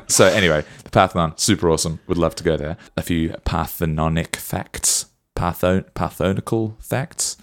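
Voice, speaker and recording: A man with a very deep voice chats casually on a podcast. He tosses in playful, jokey asides as he shares what he read up on. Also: normal speed. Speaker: podcast co-host. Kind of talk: casual chat.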